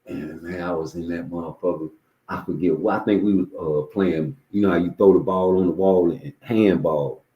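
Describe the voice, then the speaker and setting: A man with a fairly low voice hosts a casual livestream. He talks in a loose, rambling, profane street style, telling stories off the cuff. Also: moderate pace, dull audio. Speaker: livestream host.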